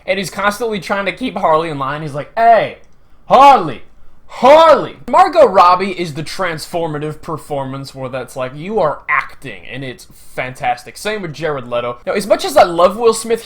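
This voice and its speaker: A young man giving a casual, animated movie review, chatty and full of filler words. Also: a little high.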